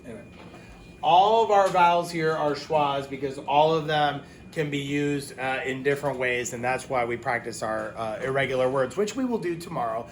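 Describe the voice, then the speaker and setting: A man teaching a phonics lesson to young children, talking casually, with quick asides and self-corrections. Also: mid-range voice, a little hiss or hum.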